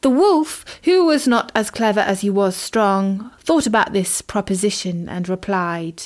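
A woman storyteller reading a children's fable in a slow, measured, clear manner. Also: medium pitch. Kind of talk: storybook narration.

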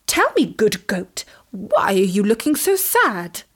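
A woman's voice: medium pitch, wildly swooping pitch, takes it slowly, fairly bright tone, slightly rough, exaggerated voice. A woman voicing a clever male hare in a storybook, speaking in a pompous, grand manner. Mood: kindly.

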